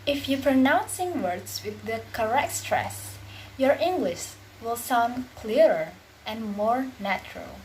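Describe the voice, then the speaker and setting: Brief: young female student, slow scripted reading, light hiss in the background. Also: fairly high pitch, animated, a little mellow, rough recording. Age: young adult. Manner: reads prepared script. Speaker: student presenter. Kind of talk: class presentation. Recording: faint background noise.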